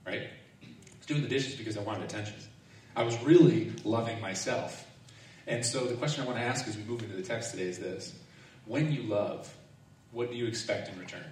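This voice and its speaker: A man preaching a sermon in a relaxed, self-mocking storytelling manner, often laughing as he speaks. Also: mid-range voice. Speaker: pastor. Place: large echoing hall or sanctuary. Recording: echoey room, distant mic, faint noise.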